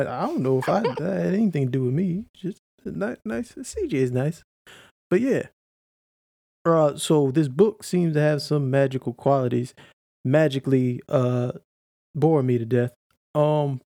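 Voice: mid-range voice, animated, moderate pace, gravelly, mellow, no echo, studio quality. A tabletop game player who speaks in a scatterbrained, stammering way. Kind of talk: casual tabletop play.

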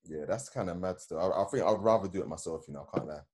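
A young man in a casual chat among friends, laid-back and quick to laugh along. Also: low-pitched, a little mellow.

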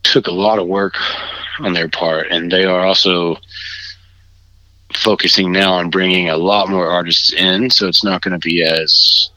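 A self-deprecating man with a low voice and a bright, forceful edge, chatting casually as a guest. He laughs through his stories about himself. The recording is dry and close. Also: fairly even intonation, measured pace, no echo, low-quality recording. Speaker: musician guest. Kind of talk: casual chat.

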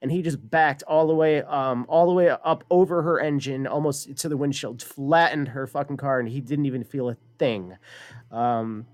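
A man's voice: medium pitch, normal speed, dry recording. A man co-hosting a talk show, telling stories in casual chat full of fillers and swearing. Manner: storytelling, filler-heavy, profane. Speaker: co-host.

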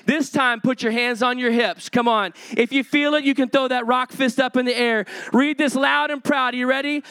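A male pastor in his forties preaching an energetic sermon to a congregation in a church auditorium. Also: very high-pitched, moderate pace, clean tone.

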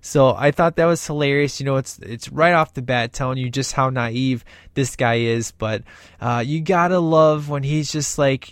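Guy gushing about a movie, rambly and excited, mid pitch, dry close sound. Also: normal speed, no echo. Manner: enthusiastic and rambling, acting out quoted lines. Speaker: movie reviewer. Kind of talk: casual movie commentary.

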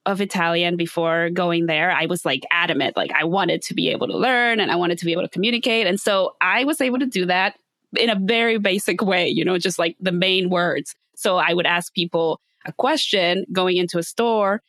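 A woman's voice: on the low side, a little fast, no room sound, clean studio sound. A young adult woman hosting a podcast, chatting casually and telling stories with frequent laughter. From Latin America. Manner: laughs often, animated storytelling. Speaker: podcast host.

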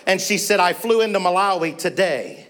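A man's voice: high voice, normal speed. Fervent male missionary preacher telling a story. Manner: animated testimony, rising to urgent exclamations. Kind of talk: storytelling sermon.

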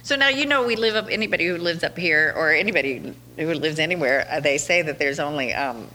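A woman's voice: low voice, animated, a little fast, bright, forceful tone, slight background noise. A woman hosting a podcast, telling casual stories in a chatty way, laughing often and acting out quotes. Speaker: podcast host. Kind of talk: casual storytelling monologue.

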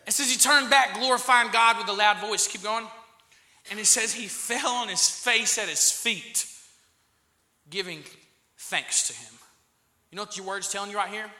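A man preaching a sermon as pastor, repeating key phrases and rising to loud, impassioned exclamations. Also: high-pitched, lively intonation, normal speed, reverberant.

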